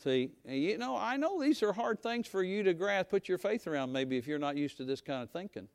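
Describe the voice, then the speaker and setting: A middle-aged male pastor preaches in a folksy, conversational style straight to his congregation, now and then rising to a shout. His voice sits high with big pitch swings, brisk, and there's no room sound.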